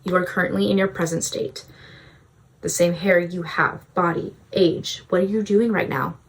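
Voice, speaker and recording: A woman's voice: lowish voice, steady tone, moderate pace, husky. Breezy young woman giving self-care advice. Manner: casual, breezy, peppered with "like". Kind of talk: self-help vlog talk.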